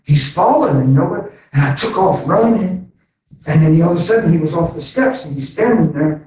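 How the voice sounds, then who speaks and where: A man telling a story as a preacher, animated and excitable, often calling people "man". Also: on the high side, a little fast. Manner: animated, says "man" often, sped-up bursts. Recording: echoey hall from far off, faint noise.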